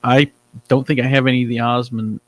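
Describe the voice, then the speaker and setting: A laid-back male podcast co-host talks in a halting, easygoing way and chuckles often. His voice sits at an ordinary middle pitch. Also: little pitch movement. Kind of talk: casual chat.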